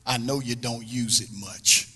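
A man's voice: medium pitch, steady tone, unhurried, pushed and bright, slightly rough, big-room sound. A male pastor preaching a sermon, emphatic and repetitive, stretching phrases out for effect.

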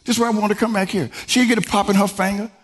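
A male pastor preaching a sermon in a style, swinging from low murmurs to high exclamations. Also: fairly even intonation, racing. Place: church sanctuary. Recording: long reverb from a large church hall.

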